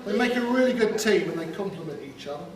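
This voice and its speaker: A Londoner with a high, animated voice talks fast while giving a wedding speech to guests in a reception hall, firing off wry jokes and punchlines. A crowd can be heard behind him. The mic is distant, the room echoey, and the ambience loud.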